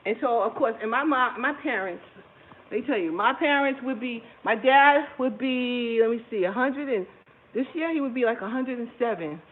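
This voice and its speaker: Her voice is slightly high and her speed normal as she hosts a relaxed cooking livestream from her home kitchen. This cooking channel host laughs often and keeps up a conversation with viewers. The sound is tinny like a phone, with a faint hum of background noise.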